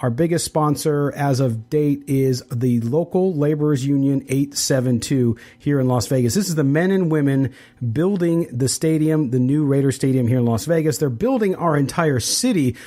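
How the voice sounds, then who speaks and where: A middle-aged podcast host runs a sports show, his voice slightly high with a dark tone. He reads sponsor spots quickly and chats conversationally, using lots of fillers.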